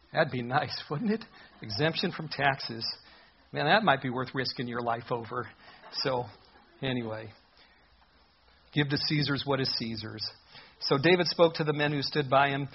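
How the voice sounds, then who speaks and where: A man preaching a sermon, with a husky, slightly high voice. He tells the story in an animated way and puts on voices for its characters. The recording sounds dull and lo-fi.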